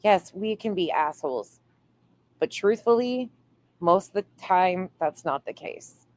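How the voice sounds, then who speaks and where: A woman's voice: on the low side, animated, a little slow, darkish tone. A woman hosting a casual livestream, reading viewer comments aloud and swearing playfully. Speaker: livestream host reading chat.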